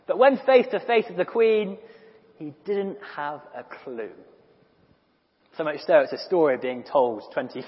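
Animated preacher in an echoing church. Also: male voice, high-pitched. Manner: animated and conversational, with small restarts and quick asides. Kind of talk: sermon. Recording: dull lo-fi recording in a reverberant church hall.

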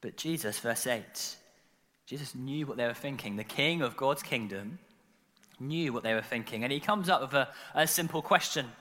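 Bright-voiced male preacher in a reverberant hall. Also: medium pitch, normal speed. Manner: animated storytelling with frequent filler and repeated words. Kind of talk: sermon. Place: church.

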